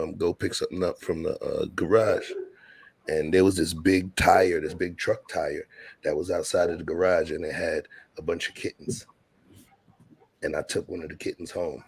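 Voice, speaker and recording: A man hosts a casual streamed chat, speaking low and gravelly. His voice is a little husky, and the sound is dry and close. He tells long, easygoing stories in street slang. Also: darkish tone, no echo. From Brooklyn, New York. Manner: laid-back storytelling in street slang. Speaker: show host.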